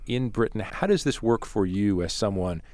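A man's voice: on the low side, expressive, normal speed, darkish tone, dry recording. A man interviewing a guest, asking short curious questions.

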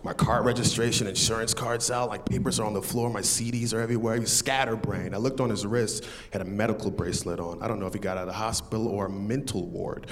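A man, a comedian, telling a true story to a live audience in a relaxed, conversational way, chuckling now and then. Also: fairly low pitch, fast, few pauses.

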